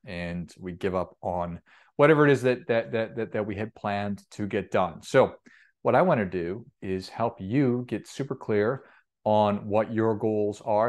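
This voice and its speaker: A man with a lowish voice coaches on personal finance in an upbeat, energetic motivational talk, frequently repeating himself and restarting phrases.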